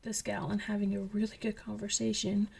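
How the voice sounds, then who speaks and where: A young woman and coloring channel host chatting casually as she tells a story, slipping into whispers when excited. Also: medium pitch, brisk, gravelly, husky. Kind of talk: casual chat while coloring.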